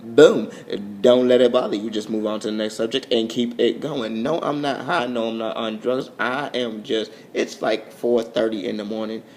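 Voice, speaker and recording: A young man rambles through an overtired late-night vlog, his voice gravelly with fry. He talks goofily and lets his pitch swoop up and down. A faint low rumble sits under the home phone recording. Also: steady tone, normal speed, few pauses. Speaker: vlogger.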